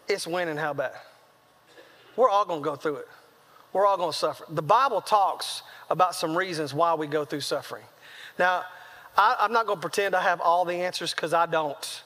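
A man preaching a sermon, telling a comic story and acting out the quotes with animated delivery. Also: sits high. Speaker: traveling preacher. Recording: long reverb of a large hall.

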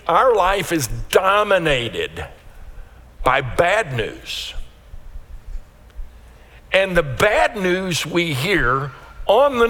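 A man preaches in a church sanctuary with a long, ringing reverb trailing behind his words. His voice sits high and bright, and he tells stories with many quick restarts and repeated words. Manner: storytelling, animated with repeated restarts. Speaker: pastor. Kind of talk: sermon.

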